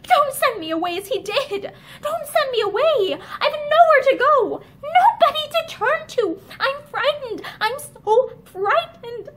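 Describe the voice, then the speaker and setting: A woman's voice: extremely high pitch, sing-song, moderate pace. A woman reading aloud voices a distraught young woman full of remorse, pleading and close to sobbing. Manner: emotional, pleading, breaking into sobs.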